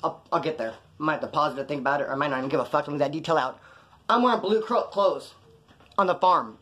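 Fast-talking, profane man spinning stories. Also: fairly high pitch, bright, forceful tone. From California. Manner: profane, rambling, acts out other people's lines. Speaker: storyteller recounting jail time. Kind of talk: casual storytelling.

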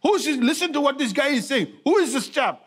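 A man's voice: very high-pitched, expressive, a little fast, fairly bright tone, pitched above the performer's own voice. A man voicing a bold young village boy who is outraged at a giant's taunts, exclaiming in disbelief. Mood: indignant. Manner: incredulous, exclaiming.

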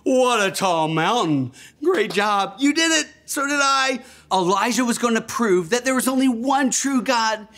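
A man's voice: extremely high pitch, expressive, measured pace, hardly any pauses, fairly bright tone. A man telling a Bible story to young children, enthusiastic and gasping, leading them in call-and-response.

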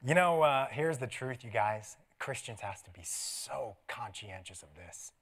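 Middle-aged guy pastor giving a sermon, lively storytelling, laughs a lot, goes quiet for asides. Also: mid-range voice, a little slow, husky. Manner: animated storytelling with laughs and sudden soft asides. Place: church sanctuary.

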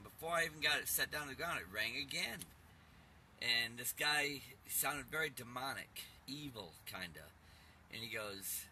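Middle-aged man, bright and edgy tone, urgent rambling testimony, faint hiss behind. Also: mid-range voice. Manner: earnest, urgent, repeats "man". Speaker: YouTube preacher.

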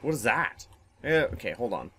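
A man's voice: mid-range voice, big pitch swings, moderate pace, a bit bright, slightly rough. A man giving casual, profane, joking commentary while playing a strange video game. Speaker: let's play host. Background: game music.

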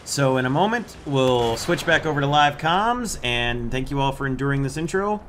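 Guy narrating his tank game, bright clear tone, chill explainer vibe, faint noise behind. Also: mid-range voice, expressive, moderate pace. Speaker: gaming channel host. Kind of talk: gameplay commentary and squad voice chat.

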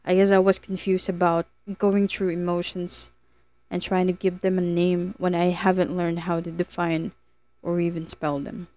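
A woman narrating a first-person novel as an audiobook, in a measured, earnest reading. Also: lowish voice, level tone, mellow.

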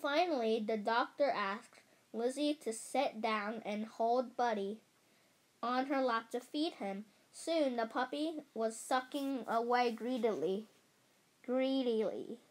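A woman reading a children's book aloud in a halting way, often correcting herself. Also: fairly high pitch. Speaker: storybook reader.

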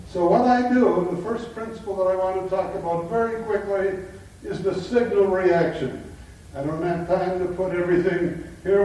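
A man's voice: high voice, a little mellow, a little hiss or hum. An older man lecturing to a live audience in an emphatic teaching manner, telling anecdotes. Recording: echoey hall, mic far off.

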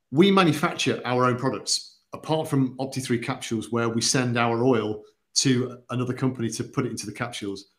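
A man, explaining supplements on a company livestream in an earnest, methodical way with occasional fillers. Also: medium pitch. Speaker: product expert on a company livestream. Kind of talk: casual livestream chat.

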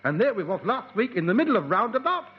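A man's voice: high voice, big pitch swings, fast talker, muffled recording. A man playing a bumbling, servile radio producer in a 1960s comedy sketch, who says "sir" after everything and talks in broken grammar. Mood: eager. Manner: ungrammatical, rambling. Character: bumbling eager middle-aged male radio producer. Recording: hissy old reel-to-reel radio tape.

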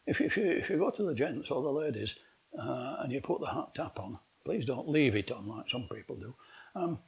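A man's voice: mid-range voice, expressive, fairly quick, creaky, low-quality recording. A man, giving a rambling conference talk full of exasperated rhetorical questions. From England. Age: 80s. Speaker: conference speaker. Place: conference hall.

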